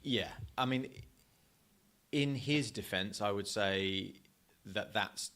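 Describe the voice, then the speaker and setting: A young man with a fairly low voice, chatting casually as a podcast co-host. He rambles and restarts his sentences and slips in jokes. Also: slow pace, a bit bright. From Essex, England. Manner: rambling, self-correcting, jokey. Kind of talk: casual chat.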